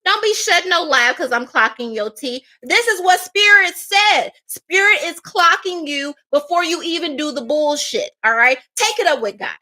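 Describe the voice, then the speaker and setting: A sassy woman doing a livestream tarot reading. Her voice sits high and bright, with sharp edges. She talks emphatically, full of mocking asides. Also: lively intonation, moderate pace, hardly any pauses. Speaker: psychic tarot reader.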